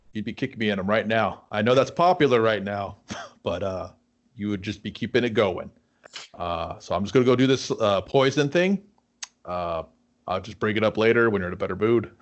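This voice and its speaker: A man's voice: lowish voice, normal speed, lo-fi sound, natural voice. A man voicing a sheepish green ghost who mumbles and hesitates as he begs for a way out. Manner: mumbling, hesitant, with many uh fillers.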